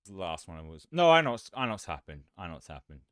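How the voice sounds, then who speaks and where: A man chatting casually on a live stream, rambling and swearing, growing animated when he rants. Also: low-pitched, quick pace, smooth, no room sound, clean studio sound.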